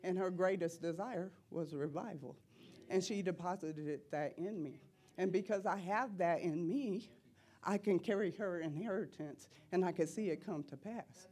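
A middle-aged woman giving an impassioned preaching testimony in church, repeating phrases and rising to loud cries. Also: on the low side, moderate pace, husky.

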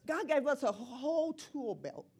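A middle-aged woman giving an impassioned preaching testimony in church, repeating phrases and rising to loud cries. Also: high-pitched, big pitch swings, a little slow.

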